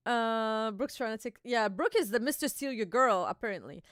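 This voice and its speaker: A woman's voice: a little high, lively intonation, normal speed, a bit bright, dry recording, studio quality. A young woman hosting a live reaction stream, chatty and giggly, reading dialogue aloud.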